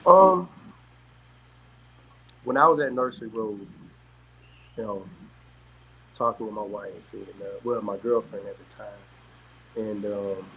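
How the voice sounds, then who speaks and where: A middle-aged man from South Carolina, telling stories as a guest in casual chat, animated and quick to laugh. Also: on the low side, a little hiss or hum, low-quality recording. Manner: animated, laughs often, peppers talk with "man". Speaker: guest, former pro athlete. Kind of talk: casual storytelling.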